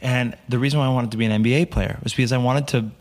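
Racing along in a mid-range voice, a young American guest on a podcast tells stories in an informal interview. He's an animated narrator who performs the quotes of everyone involved.

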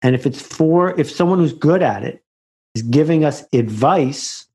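A man's voice: fairly high pitch, lively intonation, measured pace, dark tone. A man, an author, talking as a guest in an interview and building anecdotes toward a punchline. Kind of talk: conversational storytelling.

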